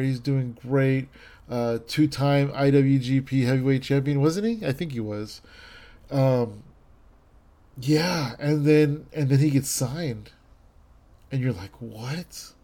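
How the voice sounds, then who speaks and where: A man's voice: medium pitch, slow, mellow. A man in his thirties in casual chat, rambling and enthusiastic, with many fillers and restarts.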